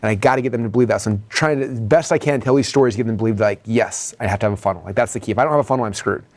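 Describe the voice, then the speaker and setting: Very fast-talking man explaining his pitch. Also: a little mellow. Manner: rapid, conversational, heavy on "like" and "right?". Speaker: coach. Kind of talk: breaking down his own sales presentation.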